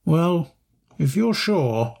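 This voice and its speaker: A man's voice: a little high, expressive, very slow, vocal fry, darkish tone, voice pushed up, exaggerated voice. A man voicing Boris, a big, anxious man who talks in an unsure, stammering way in a tabletop story game.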